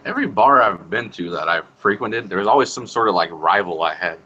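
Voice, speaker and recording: Brief: man, lowish but bright voice, laughs a lot, swears freely, slightly muffled recording. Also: brisk. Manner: laughs often, profane, relaxed recounting. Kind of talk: casual storytelling chat.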